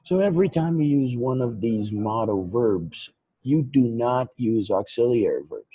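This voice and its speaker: Slow, patient male English teacher. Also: mid-range voice, lively intonation, breathy edge, dry recording, narrow, tinny audio. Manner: slow, patient, repeats examples. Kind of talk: screen-recorded grammar lesson.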